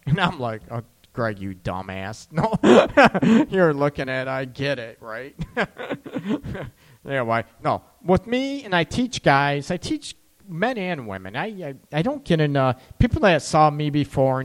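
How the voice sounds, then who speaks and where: A man with a fairly high, very lively voice gives frank, joking relationship advice on a live stream and laughs often. His voice rings out with a long reverb. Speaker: relationship coach.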